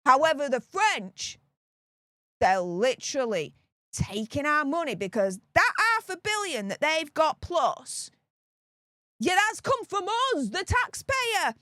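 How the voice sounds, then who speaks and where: A woman's voice: high voice, very animated, unhurried, pushed and bright, no echo, studio quality. A woman with a Northern English accent giving opinionated political commentary, ranting indignantly and repeating her points for emphasis.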